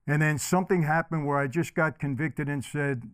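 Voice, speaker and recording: A middle-aged man gives a keynote as a personal testimony, talking right to the audience. His voice sits a bit high for a man and comes through smooth and clear. The sound is dry and close. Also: moderate pace, hardly any pauses, no echo. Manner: storytelling, direct address to audience. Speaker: keynote speaker.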